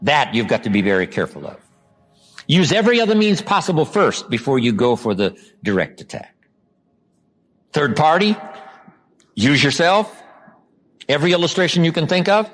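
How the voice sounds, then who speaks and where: A man from the United States giving a motivational seminar talk, acting out quoted lines and dropping his voice low for emphasis. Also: sing-song, normal speed, pauses often, soft background music. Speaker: motivational speaker.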